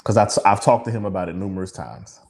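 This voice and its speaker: A man's voice: deep voice, lively intonation, fast, gravelly, darkish tone. A man in casual podcast talk whose voice swings widely up and down. He speaks openly and emotionally, swears freely and breaks into laughter between sentences. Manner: emotional, laughing, profane, confessional. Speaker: podcast co-host. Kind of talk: candid casual chat.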